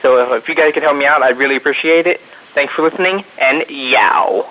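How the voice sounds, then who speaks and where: A man's voice: on the high side, fairly quick, pushed and bright, a little hiss or hum, low-quality recording. A young man in his twenties leaving a recorded question for a podcast, rambling, crude and exasperated. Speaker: listener caller.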